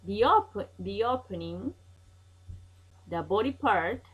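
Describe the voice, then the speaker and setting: Lady teaching english, slow and patient, bit breathy. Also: medium pitch, animated, low-quality recording. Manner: slow, patient, checks with "okay?" and "yes?". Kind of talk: online grammar lesson.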